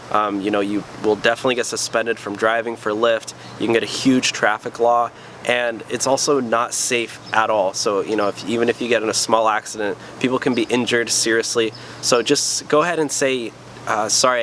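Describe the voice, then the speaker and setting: A man's voice: mid-range voice, fairly bright tone, slight background noise. A man hosting his own channel, giving casual tips as a rideshare driver, with many "um"s and "you know"s. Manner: chatty, lots of "um" and "you know", upbeat openers. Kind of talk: casual talking-head advice.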